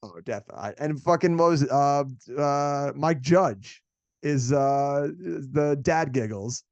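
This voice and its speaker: A young man hosting a casual movie podcast, excitable and profane, calling everyone "dude.". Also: a little high, measured pace, dry recording, lo-fi sound. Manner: excitable, swears a lot, says "dude" often. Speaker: podcast host.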